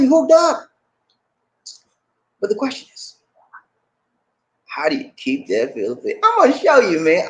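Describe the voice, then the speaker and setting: An animated man delivering a preachy vlog monologue straight to his viewers. His pitch swings widely as he lectures, and he keeps calling out to the viewer with "man". The delivery is loose and conversational. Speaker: YouTube creator.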